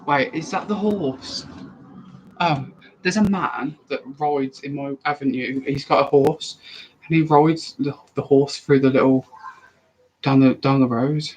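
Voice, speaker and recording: A young man chatting casually on a live stream, answering viewer questions in a rambling, animated way with frequent restarts. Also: medium pitch, unhurried, husky, rough recording.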